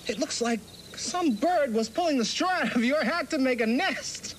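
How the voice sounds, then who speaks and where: A man's voice: extremely high pitch, lively intonation, moderate pace, fairly bright tone, a little hiss or hum. A man voicing Jake, a cheerful, giggly puppet in a children's TV show. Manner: giggly, playful.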